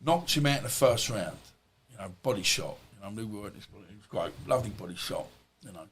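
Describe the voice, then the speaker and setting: A man's voice: fairly low pitch, animated, fairly quick, fairly bright tone, a little hiss or hum. A middle-aged man, a podcast guest, telling stories in a rambling, blunt, colloquial way. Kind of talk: storytelling in conversation.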